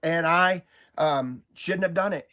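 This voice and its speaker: Man from Oklahoma, high voice, rambling testimony, repeats himself. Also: measured pace, bright, forceful tone. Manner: rambling, repeats himself, stumbles over words. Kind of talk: storytelling testimony.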